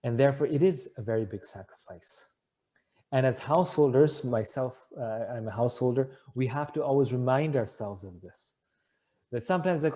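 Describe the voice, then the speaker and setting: A man's voice: medium pitch, expressive, moderate pace, dark tone. A man answering a question with an earnest, rambling story that corrects itself as he goes. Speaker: spiritual speaker answering a question.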